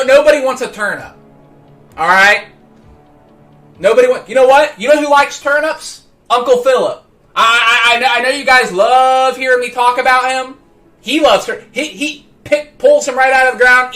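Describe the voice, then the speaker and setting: Male streamer, high bright voice, rambling casual chat, stammers on repeats, faint music bed. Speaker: livestream host.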